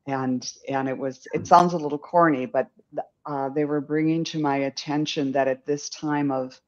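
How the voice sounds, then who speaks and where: A man's voice: fairly high pitch, steady tone, moderate pace. Older man, psychic, dull lo-fi audio. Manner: rambling, gentle, giggly. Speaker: psychic medium. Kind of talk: live-stream psychic reading.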